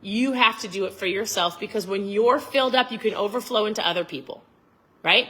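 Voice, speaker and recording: A woman giving a motivational vlog talk, fired up and emphatic, almost yelling as she urges viewers on. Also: medium pitch, fairly quick. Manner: emphatic, preachy. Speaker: vlogger.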